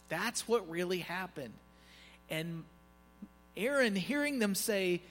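A male pastor giving a conversational sermon, animated and joking asides with his congregation. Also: sits high, a little slow. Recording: long reverb, faint music behind.

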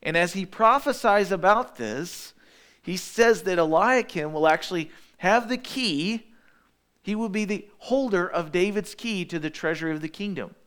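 A man preaching a verse-by-verse sermon in a fairly high voice. He cites chapter and verse as he goes and jumps up sharply in pitch when he acts out a doubting voice. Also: fairly bright tone. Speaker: pastor.

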